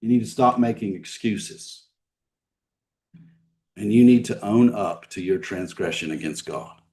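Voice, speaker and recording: Preaching a sermon in a church sanctuary, a male pastor speaks plainly and conversationally, posing question after question to his listeners. His fairly low voice is a little slow, alternating between strong emphasis and a hush, and he sits some distance from the microphone.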